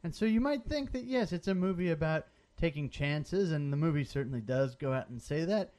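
A man co-hosting a casual comedy movie podcast, sarcastic and animated, slipping into mock voices as he riffs. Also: on the high side, brisk. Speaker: podcast co-host.

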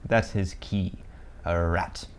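Rambling low-voiced man recapping a movie. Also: fairly even intonation, slow pace. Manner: rambling, jokey, many fillers and restarts. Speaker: podcast co-host. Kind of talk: casual movie recap chat.

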